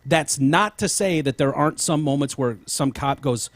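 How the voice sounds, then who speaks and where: A man's voice: a little high, moderate pace. A man hosting a podcast in casual chat, rambling with frequent restarts and casual swearing. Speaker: podcast host.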